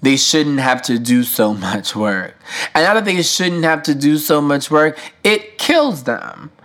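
A man's voice: fairly high pitch, expressive, measured pace, a bit bright. A man hosting a podcast, talking through his feelings in a candid, emotional solo monologue, swearing freely with casual slang and lots of fillers. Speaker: podcast host.

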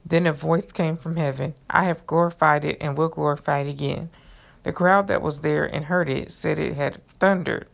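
Woman podcaster, low voice, heavy vocal fry, earnest measured reading. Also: fairly even intonation. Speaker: podcast host. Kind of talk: reading a devotional book aloud with commentary.

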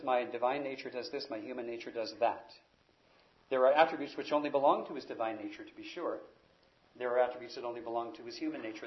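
Emphatic male preacher, lo-fi recording. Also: mid-range voice. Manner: emphatic teaching, rising loud on key words. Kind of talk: expository sermon.

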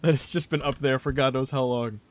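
A man's voice: mid-range voice, fairly even intonation, fairly quick, dry recording, lo-fi sound. A man co-hosting a podcast, rambling through anecdotes in casual chat. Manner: rambling anecdotes, acts out quotes. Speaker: podcast co-host.

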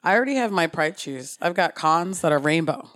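Bubbly woman chatting with a lively lilt. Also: sits low, brisk, dry recording, clean studio sound. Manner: bubbly, laughs often, teasing. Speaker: podcast co-host. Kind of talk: casual chat.

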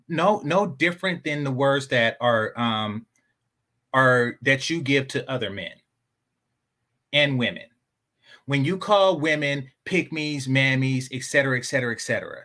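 A man's voice: mid-range voice, pushed and bright. A man giving casual, sarcastic reaction commentary on a stream, talking back to the clips he plays.

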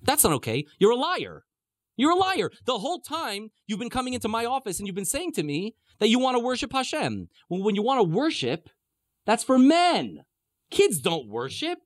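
A man's voice: a little high, wildly swooping pitch, brisk, no room sound, clean studio sound. A man voicing an exasperated, haggling male king of Egypt, who talks in indignant, wheedling short jabs that he keeps repeating. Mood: accusing.

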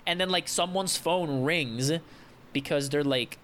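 A young man co-hosting a casual podcast, telling a rambling, animated story full of restarts and swearing. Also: on the high side, measured pace, very noisy. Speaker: podcast co-host.

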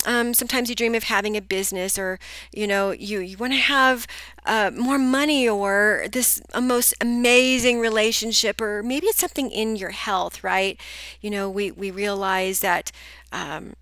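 A woman's voice: medium pitch, steady tone, normal speed, a bit bright, no room sound. A middle-aged woman hosting a solo coaching podcast, chatty and upbeat, speaking straight to her listeners, a bit groggy today. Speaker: podcast host, business coach.

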